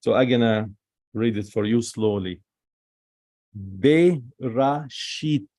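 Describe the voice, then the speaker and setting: A man's voice: fairly low pitch, level tone, normal speed, darkish tone, no room sound, clean studio sound. A man teaching biblical Hebrew in a recorded class, explaining step by step and often checking in with "okay?" or "all right?".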